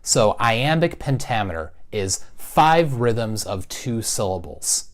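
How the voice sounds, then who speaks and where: A man teaching a class, explaining things patiently and clearly and walking through spoken examples. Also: lowish voice, sing-song, slow. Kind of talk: recorded classroom lesson.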